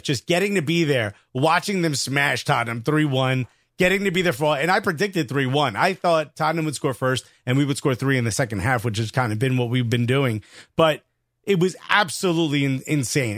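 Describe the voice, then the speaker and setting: A man with a New York accent, a comedian co-hosting a podcast and telling an excited, slangy story in casual chat. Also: fairly high pitch, no room sound, clean studio sound.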